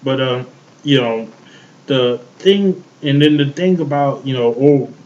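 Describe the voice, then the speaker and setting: A man's voice: mid-range voice, unhurried, darkish tone, muffled recording. A man co-hosting a show, ranting in heated casual chat, swearing often and repeating himself. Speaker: podcast co-host.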